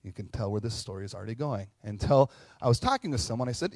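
A man in his forties delivers a sermon as a pastor, talking casually to the congregation and acting out quoted lines. His voice sits at a middle pitch. The recording is dry, with little room sound. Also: quick pace, dry recording. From Minnesota. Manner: conversational, animated, acts out quotes with asides.

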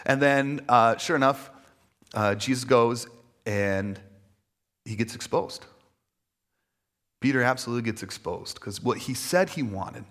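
A male pastor delivers a sermon in a loose, conversational way, full of fillers and small jokes at his own expense. His voice sits at an ordinary middle pitch for a man. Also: a little slow, long pauses, fairly bright tone. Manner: conversational, self-deprecating humor, many fillers.

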